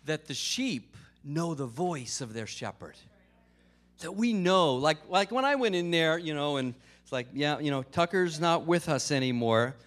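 A man preaches a conversational sermon, peppering it with casual fillers and jokes. His slightly high voice rises and falls with lively, animated swings. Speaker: pastor.

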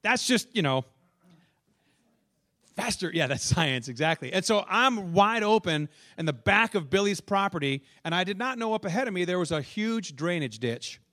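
A man's voice: high voice, lively intonation, normal speed, sharp tone. A male pastor from the northern United States preaching a sermon in church, telling stories and asking the congregation questions.

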